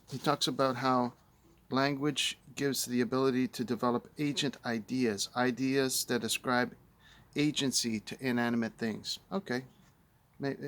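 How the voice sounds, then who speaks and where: A man's voice: medium pitch, fairly bright tone. A man in a mid-range voice reviewing a book aloud. He talks casually with plenty of fillers, then presses his points with rising insistence. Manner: conversational with fillers, turning emphatic and argumentative.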